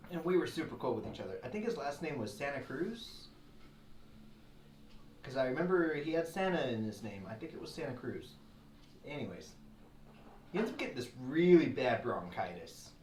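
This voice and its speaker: A man's voice: mid-range voice, normal speed, pauses often, recorded from a distance. A man casually telling a long story to friends, acting out the voices of the people in it. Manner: animated, acts out quoted voices. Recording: echoey room heard from afar with noise.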